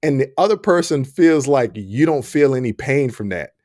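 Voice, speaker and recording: A man's voice: mid-range voice, lively intonation, normal speed, a little mellow, dry recording, clean studio sound. A man hosting a podcast, talking frankly and laughing often in casual chat. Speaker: podcast host.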